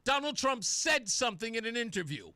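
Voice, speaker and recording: A man's voice: very high-pitched, sing-song, brisk, bright, forceful tone, no echo. A man hosting political talk radio, delivering sarcastic, mocking commentary. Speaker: radio talk show host.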